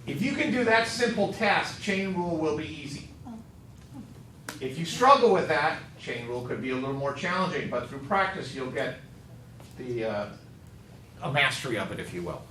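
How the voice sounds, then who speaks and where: A man's voice: a little high, very animated, moderate pace, sharp tone, slight background noise. A male math teacher lecturing a class, quizzing students with upbeat joking asides. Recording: echoey classroom, mic far off.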